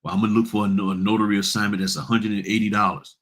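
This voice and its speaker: A man's voice: on the low side, flat delivery, racing, a bit bright. A man hosting a notary business vlog, giving blunt, straight-talking advice and repeating points for emphasis.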